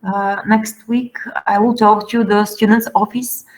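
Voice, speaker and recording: A woman lecturing students on pronunciation rules. She talks slowly and pauses often, filling the gaps with hesitations. Her voice sits at an ordinary middle pitch. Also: level tone, poor audio. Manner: slow, halting, many fillers. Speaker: Latin teacher. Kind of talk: classroom lecture.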